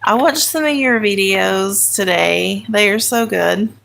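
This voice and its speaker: Country woman host, relaxed unhurried live chat, a touch of vocal fry. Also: mid-range voice, slight background noise. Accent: American country. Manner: chatty, talks to viewers by name, self-correcting. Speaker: livestream host. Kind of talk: casual live chat while sorting crayons.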